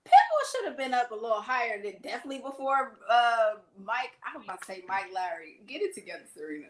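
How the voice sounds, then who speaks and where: Lively, blunt woman co-host. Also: on the high side, quick pace. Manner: playful, blunt, laughing, colloquial. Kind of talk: casual chat.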